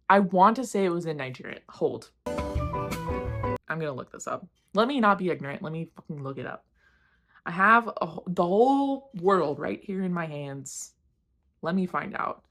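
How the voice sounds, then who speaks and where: Candid, rambling woman book reviewer. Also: low voice. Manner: candid, rambling, self-deprecating, swears casually. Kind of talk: casual book wrap-up chat.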